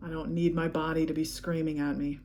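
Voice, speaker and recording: A woman leading a guided EFT tapping session, speaking calm, repetitive affirmations. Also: sits low, fairly quick, a little hiss or hum.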